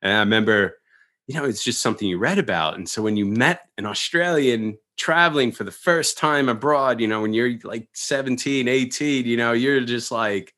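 Bright-voiced man chatting, laughing often. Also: mid-range voice, normal speed. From Long Island, New York. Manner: laughs often, animated storytelling. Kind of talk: casual chat.

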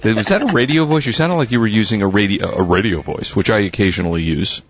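A man's voice: lowish voice, fast talker. A man co-hosting a tech radio talk show, genial and rambling, often correcting himself mid-sentence. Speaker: co-host. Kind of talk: casual radio chat. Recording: dry, slightly dull studio mic.

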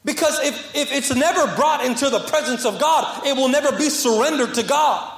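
A young man with a high voice preaches to his congregation in a reverberant church room. He repeats key phrases with fervor, then pulls back into soft, intimate passages. His words carry a long, roomy echo. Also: normal speed, gravelly. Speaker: pastor. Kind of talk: sermon.

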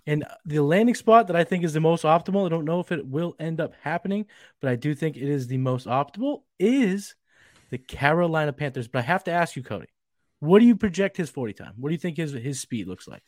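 A man's voice: a little high, lively intonation, brisk, darkish tone, dry recording, studio quality. A man with a slight Boston accent co-hosting a fantasy football show, talking in a loose, bro-ish way and swearing for emphasis. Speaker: podcast co-host. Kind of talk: casual fantasy football draft talk. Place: outdoors, getting dark.

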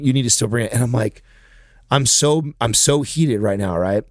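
A man tells a long story in casual chat, swearing often and growing animated and heated as he goes. His medium-pitched voice moves at a moderate pace in studio-quality audio with no echo.

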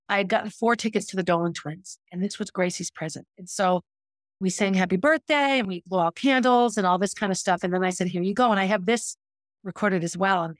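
A woman's voice: mid-range voice, no room sound, clean studio sound. A middle-aged woman hosting a podcast, telling a personal story in a candid, reflective, self-critical way. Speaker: podcast host.

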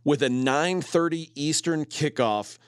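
A man putting on a mock English accent, voicing a swaggering tough guy who announces a game in a slow, drawn-out way. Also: fairly high pitch, clean tone, no room sound, clean studio sound, lightly acted. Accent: put-on English.

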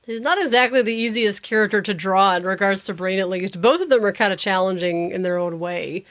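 A woman co-hosting a casual chat, relaxed and easygoing, often trailing off softly. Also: medium pitch, a little fast. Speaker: podcast co-host.

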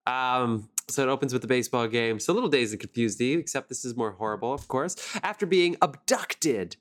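A man's voice: medium pitch, animated, brisk, a bit bright. A man hosting a podcast, casually chatting about a film with loose, swearing banter. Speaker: podcast host.

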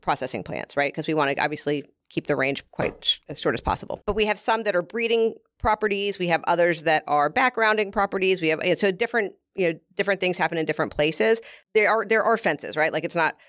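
A woman with a lowish voice talks through her company's cattle program in a relaxed interview. She explains at length, full of fillers and asides. The sound is dry and close. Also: quick pace, no echo. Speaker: beef company representative. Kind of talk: casual explanatory interview talk.

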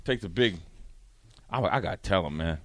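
A man hosting a radio talk show, telling a story in a casual, animated way and acting out his friends' lines. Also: low-pitched, normal speed, no echo, clean studio sound.

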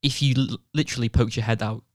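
A man's voice: medium pitch, steady tone, fast, no echo. A young man co-hosting a podcast, telling a story in casual chat. He swears freely and acts out what other people said. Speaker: podcast co-host.

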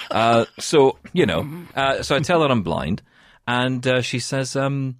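A man from the UK co-hosting a podcast in casual chat, telling a story in an animated way and often laughing. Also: on the low side, normal speed, no room sound, clean studio sound. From United Kingdom. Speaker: podcast co-host.

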